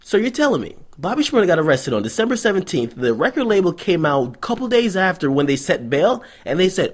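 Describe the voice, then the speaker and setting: A young man delivers a profane, sarcastic rant for his commentary vlog. His pitch sits a bit high for a man and swings widely from line to line. His voice has a husky, slightly breathy grain. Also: quick pace, few pauses. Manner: profane, sarcastic, animated storytelling. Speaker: vlog host and hip-hop commentator. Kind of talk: ranting news commentary vlog.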